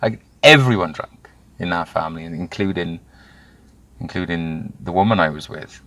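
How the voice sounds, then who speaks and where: A man, telling his own story candidly in an interview, animated and swearing freely. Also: low-pitched, normal speed. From Wales. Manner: animated, swears freely, acts out quoted voices. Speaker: guest.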